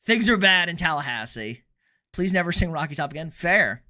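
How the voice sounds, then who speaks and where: Slightly high and expressive, this man's voice is bright and forceful. He's a young Texan with a Texan accent hosting a casual sports stream, responding to viewer comments with blunt jokes, firm opinions and quick asides.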